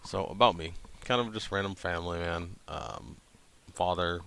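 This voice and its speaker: A man in his thirties from New Hampshire, talking casually to camera in a flat, monotone way with lots of hesitant ums. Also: low-pitched, normal speed, creaky, clear, resonant tone. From New Hampshire, USA. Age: 30s. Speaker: channel host.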